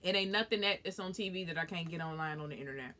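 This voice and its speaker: A woman's voice: lowish voice, fast, a little hiss or hum. A young woman with a Southern US accent, chatting casually and bluntly while eating and reading viewer comments. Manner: blunt, profane, animated.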